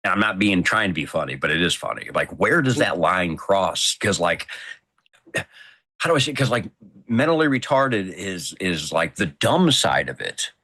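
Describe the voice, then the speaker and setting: A man hosting a laid-back livestream, his voice deep yet bright and forward. He rambles, breaks off and restarts, and keeps a playful edge throughout. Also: big pitch swings, normal speed, slightly rough. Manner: rambling, self-interrupting, playful. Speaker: livestream host. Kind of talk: casual livestream chat.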